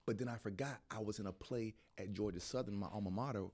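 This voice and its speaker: Low-voiced man telling a story. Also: quick pace. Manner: animated storyteller, voices other people in quotes, frequent restarts. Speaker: actor, podcast guest. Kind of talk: casual storytelling in an interview.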